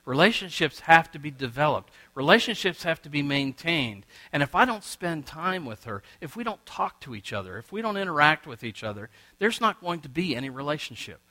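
A middle-aged male pastor preaching a sermon, swinging between loud and quiet as he acts out little exchanges. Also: sing-song, fairly quick, hardly any pauses. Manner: preaching with wide swings in pitch and loudness, acting out quoted exchanges.

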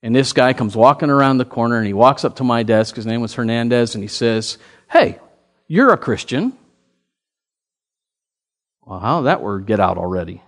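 A mid-range voice rushes along with few pauses as this pastor preaches in a big room. His sermon weaves in a story with quoted lines of dialogue, and his animated tone swells into emphatic calls to the congregation.

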